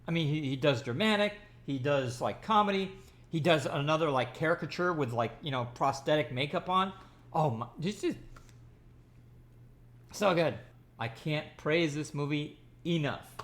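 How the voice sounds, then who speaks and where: A man's voice: fairly high pitch, animated, moderate pace, fairly bright tone. A man giving an enthusiastic, rambling movie review, talking casually with frequent restarts and fillers.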